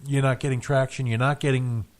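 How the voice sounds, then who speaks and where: A man's voice: medium pitch, level tone, a little fast. Hesitant man chatting on local radio. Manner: hesitant, restarts often, dry joking. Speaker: radio show co-host. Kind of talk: casual radio chat. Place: radio studio.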